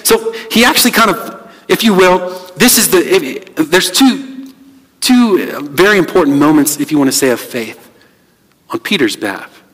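Male pastor, conversational sermon, slightly high voice, frequent restarts, long hall reverb. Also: expressive, normal speed, a bit bright. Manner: conversational, many restarts and fillers.

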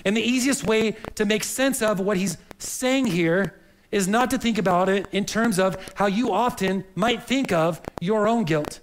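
A man with a high voice delivers a morning sermon. He speaks earnestly and explains as he goes, often doubling words as he reaches for his point. A faint hiss sits under the recording. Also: normal speed, low-quality recording. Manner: earnest, repeats words while searching for phrasing. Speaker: pastor.

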